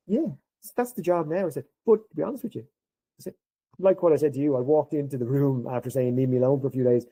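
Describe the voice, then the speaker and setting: Fast-talking and fairly high-pitched, this middle-aged Irishman is a guest on a podcast, spinning an anecdote in an interview and acting out each character's dialogue with gusto. The recording is low quality.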